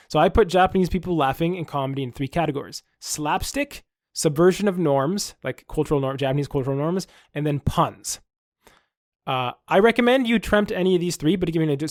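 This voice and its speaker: A man's voice: on the high side, dry recording, clean studio sound. A young man co-hosting a podcast, chatting casually and acting out voices as he tells stories. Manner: animated storyteller, acts out quoted voices. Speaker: podcast co-host. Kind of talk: casual chat.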